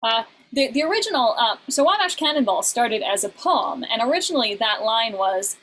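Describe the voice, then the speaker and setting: Woman teacher, fairly high voice, halting explanatory delivery, faint background noise. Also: animated, a bit bright, poor audio. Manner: explains in halting bursts, breaks into short sung examples. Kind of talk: online class lecture.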